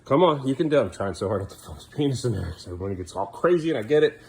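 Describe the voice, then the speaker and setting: A man filming a casual home vlog in a bathroom, coaxing his toddlers along and dropping quieter asides to the camera. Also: medium pitch, sing-song, racing, gravelly, slightly rough. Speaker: parent vlogger.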